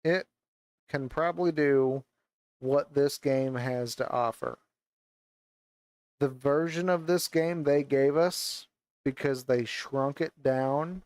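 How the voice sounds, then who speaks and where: A man in a VR headset vents his anger at a game in a swearing rant, gaming-vlogger style, through a gaming mic. He speaks slowly in a mid-range, darkish voice, pausing often, with no echo.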